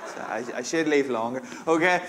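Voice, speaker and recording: Laid-back Irish minister from Monaghan. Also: male voice, mid-range voice, brisk, a crowd in the background. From Ireland (Monaghan). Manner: laid-back, playful, jokey delivery. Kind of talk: joke-filled sermon to a congregation. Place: church service, in front of a congregation.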